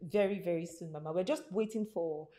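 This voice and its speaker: A woman's voice: lowish voice, fast, dark tone, natural voice. An actress playing a polite young woman who wants to get married. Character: young woman anxious to marry.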